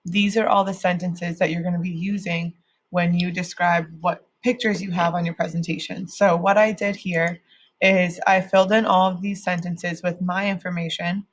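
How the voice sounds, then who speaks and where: A woman teacher walks through a class worksheet in a casual, step-by-step way. Her voice sits slightly low, and she keeps the explanation easy and plain. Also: little pitch movement, normal speed.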